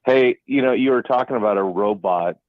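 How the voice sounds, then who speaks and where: A man's voice: medium pitch, fairly quick, dry recording. A man calling in to a radio show, matter-of-fact as he tells his story, on a phone line. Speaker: caller.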